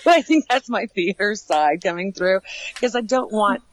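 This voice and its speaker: Chatty, animated woman who laughs a lot. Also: mid-range voice, moderate pace, rough recording. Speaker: haunted attraction actor trainer. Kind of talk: casual interview chat.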